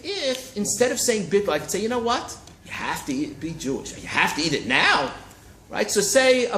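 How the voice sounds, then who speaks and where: Man, Talmud teacher, lively swooping delivery, slightly raised pitch, roomy study-hall echo. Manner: animated, keeps checking in with listeners. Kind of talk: Talmud class lecture. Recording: roomy echo, faint hiss.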